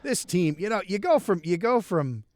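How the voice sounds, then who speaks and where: A man co-hosting a casual sports podcast, talking in a lively, self-mocking way with laughs, swearing and restarts. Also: sits high, moderate pace, no room sound, clean studio sound. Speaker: podcast co-host. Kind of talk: casual chat.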